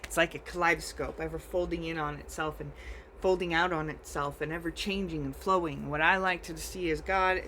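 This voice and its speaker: A man giving an informal livestreamed sermon, earnest and emotional, speaking haltingly while close to tears. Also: a little high, fairly even intonation, bright, forceful tone, a little hiss or hum, rough recording. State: teary. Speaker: livestream preacher.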